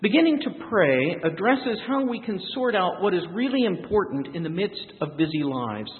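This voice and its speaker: Man, preacher, reflective sermon, lively pitch, tinny phone-like sound, long church reverb. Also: normal speed. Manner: earnest, reflective preaching with lively rises and soft drops.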